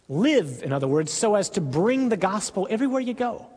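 Husky-voiced male preacher in an echoey hall. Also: high-pitched, big pitch swings, fairly quick, few pauses. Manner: emphatic, with hushed dramatic drops. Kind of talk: sermon.

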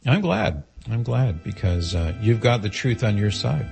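A man's voice: lowish voice, big pitch swings, unhurried, vocal fry, music in the background. A man hosting a call-in radio show, patiently explaining and spelling things out for a caller.

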